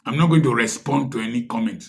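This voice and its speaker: This Nigerian-accented man talks fast in a mid-range voice, addressing the camera with fervent social commentary. He preaches through a rapid string of rhetorical questions.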